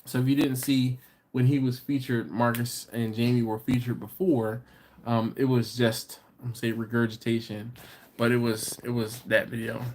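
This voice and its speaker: A man's voice: mid-range voice, level tone, a little mellow, slight background noise. A man hosting a casual livestream, reading viewer comments aloud and joking with them. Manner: joking, teasing, chatty, quick laughs. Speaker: livestream host.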